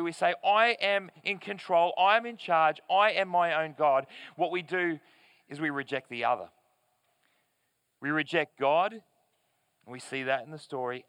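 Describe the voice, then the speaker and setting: A man delivers a church sermon, reading scripture and then unpacking it for the congregation. His voice sits a little high and rings bright and forceful. He speaks earnestly, with emphatic stresses and deliberate pauses, in a dry, close recording. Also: dry recording. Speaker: pastor. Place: church service in front of a screen.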